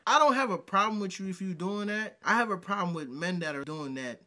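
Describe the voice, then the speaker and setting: A middle-aged man from New York giving casual, animated reaction commentary on video clips. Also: high voice, a little fast. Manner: animated, rising excitedly when ranting.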